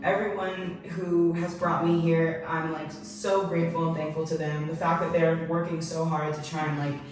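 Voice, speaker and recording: A woman's voice: sits low, little pitch movement, normal speed, a little mellow, far from the mic. A young woman from Maryland, a travel vlogger chatting to camera with lots of fillers, at times fighting back tears in a hotel room. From Maryland, USA. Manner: chatty and upbeat, with many fillers. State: tearful, fighting back crying. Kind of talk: casual vlog talk to camera. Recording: echoey room, voice slightly off-mic, music behind.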